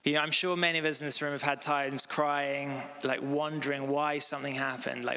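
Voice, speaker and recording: A man's voice: medium pitch, flat delivery, a little fast, few pauses, pushed and bright. A man in his thirties giving a sermon in a church hall, talking casually with many "like" and "um" fillers. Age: 30s. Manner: casual, filler-heavy with frequent "like" and "um". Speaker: preacher. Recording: long reverb of a church hall.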